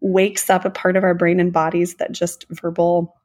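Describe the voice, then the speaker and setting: A woman's voice: lowish voice, level tone, normal speed, a little mellow. A woman co-hosting a podcast, earnestly and emotionally retelling a film in casual conversation. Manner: earnest, emotional storyteller who gushes. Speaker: podcast co-host.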